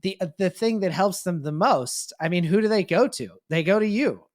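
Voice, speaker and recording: A man's voice: high voice, normal speed. A man and podcast co-host in casual chat, who lays out ideas thoughtfully and at length.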